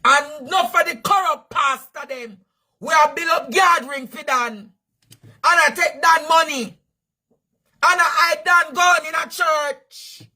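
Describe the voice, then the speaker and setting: A Jamaican man hosting news commentary, shouting and repeating phrases for emphasis in a fiery rant. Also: very high voice, unhurried.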